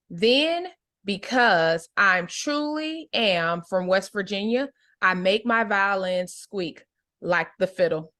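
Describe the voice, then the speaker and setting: A woman teaching an adult English book club, reading a novel aloud and then explaining it slowly and clearly. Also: medium pitch, a bit bright. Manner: slow, clear teacher explanations with check-ins.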